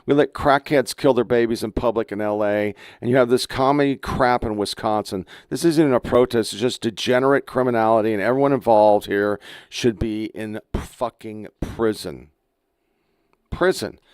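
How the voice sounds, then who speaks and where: A man's voice: mid-range voice, moderate pace, a little mellow, smooth, no echo. Ranting profane male podcast host. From United States. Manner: crude, ranting, exasperated. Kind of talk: profane political commentary.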